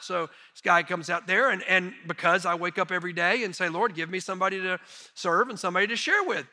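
Middle-aged guy preaching, telling homey stories with jokes on himself, high bright voice, big echoey church. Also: fast talker. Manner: folksy, animated storytelling with self-deprecating humor. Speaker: missionary preacher. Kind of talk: sermon storytelling. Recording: long reverb of a large hall.

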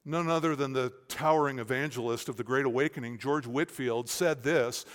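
A man preaching an expository sermon, swinging between forceful stressed words and quiet, searching questions. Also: mid-range voice, fairly quick, few pauses. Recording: long reverb of a large hall.

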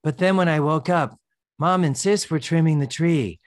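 A man voicing a baby girl in a detached, breathy voice. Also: on the high side, moderate pace, no room sound, studio quality, voice pushed up, close to an everyday voice. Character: detached baby girl narrating her life.

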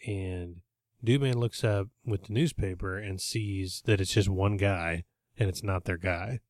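A man with a low voice retells a TV episode in a loose, rambling chat, restarting his sentences as he goes. The recording is dry and close, with no room sound. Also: unhurried, no room sound. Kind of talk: casual chat.

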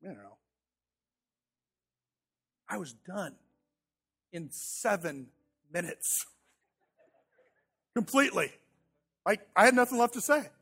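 High-voiced man preaching a sermon. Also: animated, slow pace, gravelly, pauses often, pushed and bright, husky. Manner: conversational storytelling, self-deprecating, repeats words. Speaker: pastor.

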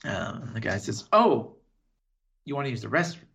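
A man co-hosting a podcast, retelling a TV episode in casual chat and slipping into quick voices for the characters. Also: lowish voice, vocal fry. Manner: animated retelling with quick impressions and laughs. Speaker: podcast co-host.

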